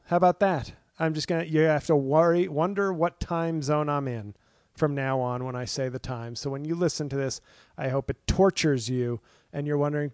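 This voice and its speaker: A man's voice: fairly high pitch, moderate pace, no echo, studio quality. A man hosting a casual solo podcast from home, rambling and sarcastic with lots of fillers and self-mocking asides. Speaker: podcast host.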